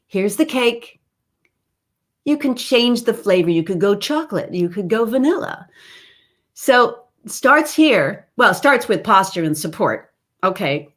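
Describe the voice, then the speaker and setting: A middle-aged woman leads a singing lesson as a voice teacher. Her voice is bright and sharp, and her pitch moves widely as she explains. She talks unhurriedly and now and then drops into sung demonstrations. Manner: animated, demonstrates with sung and belted examples.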